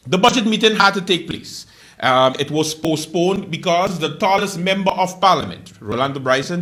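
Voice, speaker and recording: A man hosting a late night comedy show, delivering a joking monologue with loud outbursts, laughter and quiet asides. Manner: animated, laughing, swings between loud outbursts and low asides.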